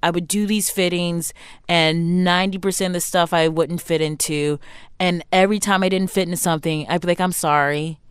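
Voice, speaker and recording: A young woman with a low, smooth voice, talking openly in an interview. She is lively and throws in quick acted-out voices of other people, full of casual "like" fillers. The recording is dry and close. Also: no room sound. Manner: animated, acts out quoted voices, frequent "like" fillers. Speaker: interview guest, author. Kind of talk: candid interview conversation.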